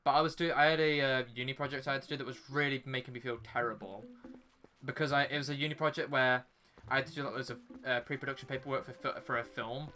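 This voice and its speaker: A young adult man streams a game, chatting casually and rambling to his viewers and to the game character, sniffly from a runny nose. He talks fast in a medium-pitched, steady voice that sounds pushed and bright.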